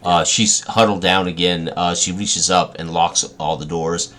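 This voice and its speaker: A man's voice: low-pitched, fairly even intonation, a little slow, fairly bright tone. A man running a tabletop role-playing game as game master, describing scenes with many fillers and restarts.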